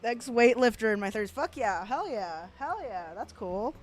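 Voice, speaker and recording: A woman's voice: fairly high pitch, animated, moderate pace, faint music behind. A woman in her twenties from South Texas with a South Texas accent, giving blunt, profane commentary on a stream with frequent restarts. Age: 20s. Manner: blunt and profane, with laughing asides and rambling restarts. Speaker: streamer reacting to clips.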